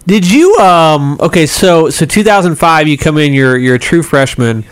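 A man's voice: fairly high pitch, expressive, normal speed, clean tone. A man hosting a casual interview, asking thoughtful questions with plenty of likes and you-knows. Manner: thoughtful, hedging with fillers. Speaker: host.

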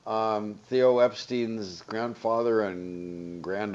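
A man with a low voice hosts a casual radio talk segment, reading out quotes. The sound is dull and lo-fi, like an older broadcast. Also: expressive, a little slow. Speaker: radio host.

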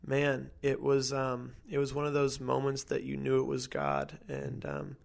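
A man with a heavily gravelly, fry-laden voice recounts a personal testimony in casual conversation. He speaks earnestly and haltingly, often pausing on fillers and using slang. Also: mid-range voice, monotone.

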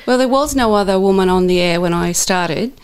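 A middle-aged woman, a seasoned radio presenter, chats as a guest in an interview. She tells stories candidly with a dry sense of humour, her voice at a middle pitch. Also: a little fast, smooth. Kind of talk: casual interview chat.

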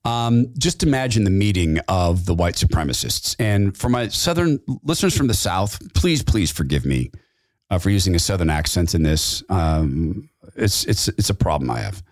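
A man hosting an opinion talk show, sarcastic and animated. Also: sits low, normal speed, dry recording.

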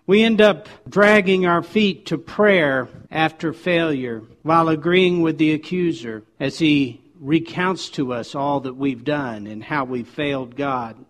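A man preaching a sermon, emphatic and repeating key words for stress. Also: a little high.

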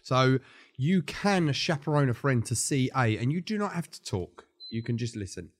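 A man talks straight to his listeners in a podcast studio, earnest and blunt, dropping the odd swear word. His voice sits at an ordinary pitch. The room is dry, with no echo. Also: very animated, moderate pace. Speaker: podcast co-host. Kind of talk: casual podcast advice.

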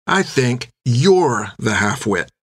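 A man's voice: a little high, normal speed, fairly bright tone, pitched above the performer's own voice. A man voicing a small, scrappy young woman passing as a boy, speaking bluntly and defiantly.

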